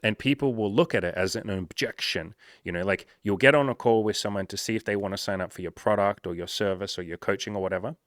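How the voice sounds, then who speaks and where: A man's voice: on the low side, fast, few pauses, fairly bright tone, no echo, studio quality. A man coaching on dating and sales in a blunt, casual, profane monologue.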